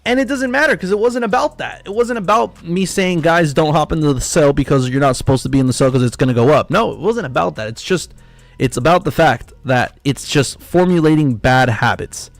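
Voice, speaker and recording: A man with a brisk, creaky, rather high voice hosts a live trading stream, ranting emphatically and profanely and repeating himself for effect. The recording is dry, with faint music behind him.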